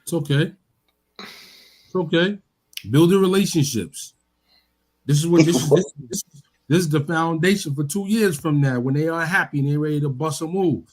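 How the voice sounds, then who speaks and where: A man co-hosting a casual sports podcast, talking in an animated way and repeating words as he pushes his point. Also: a little high, fairly quick. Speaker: podcast co-host.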